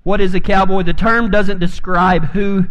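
A man's voice: high voice, level tone, normal speed, a bit bright. A man preaching a sermon, telling stories in a folksy way and building to emphatic peaks. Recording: long reverb of a hall.

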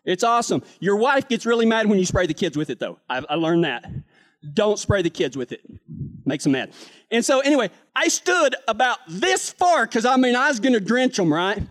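A man's voice: sits high, big pitch swings, brisk. A man preaching a sermon, telling a joking, folksy cowboy story.

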